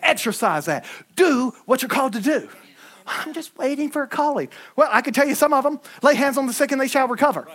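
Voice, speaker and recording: A man, preaching a lively sermon with folksy asides and shouted lines. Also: very high-pitched, a little fast.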